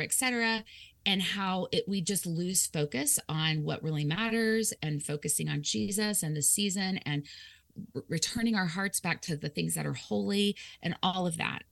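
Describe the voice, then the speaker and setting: A woman author, appearing as a guest, tells a personal story in conversation. She's lively and laughs often, acting out her own thoughts. Her voice is on the low side with vocal fry, at normal speed, and there's no echo.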